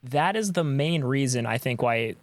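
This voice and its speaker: A man co-hosting a podcast, offering measured, wry criticism in casual chat. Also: medium pitch, animated, slight background noise. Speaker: podcast co-host.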